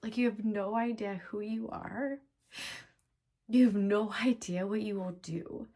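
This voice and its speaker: A woman in her thirties with a mid-range voice speaks at a measured pace, telling her own story to camera as a mother of five. She's casual, animated and laughing, and she drops to a whisper whenever she voices her inner thoughts.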